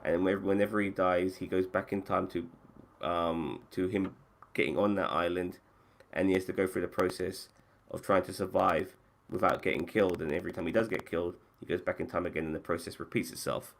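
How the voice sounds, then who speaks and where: A man's voice: deep voice, fairly even intonation, fairly quick, vocal fry. A man hosting a podcast and running a casual chat about video games, swearing freely and often restarting his sentences. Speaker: podcast host.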